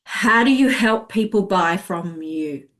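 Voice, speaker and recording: A woman sales coach teaching a masterclass, chatty and expressive. She talks at an ordinary pitch and acts out little client voices as she goes. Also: slow.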